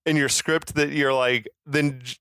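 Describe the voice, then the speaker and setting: A man's voice: medium pitch, steady tone, measured pace, a bit bright, clean tone, no echo. A man co-hosting a podcast, chatting casually about a movie, often laughing and trailing off. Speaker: podcast co-host.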